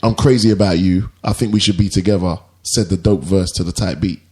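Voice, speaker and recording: A man's voice: sits low, steady tone, brisk, dark tone. A man co-hosting a casual film chat, enthusiastic and filling his talk with "you know" and "like". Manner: enthusiastic, fond of filler 'you know' and 'like'. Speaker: podcast co-host.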